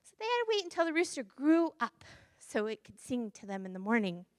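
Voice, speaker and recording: A woman's voice: fairly high pitch, sing-song, fairly quick, dry recording, studio quality. A woman minister telling a playful children's story during a church service. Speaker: interim minister. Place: church sanctuary.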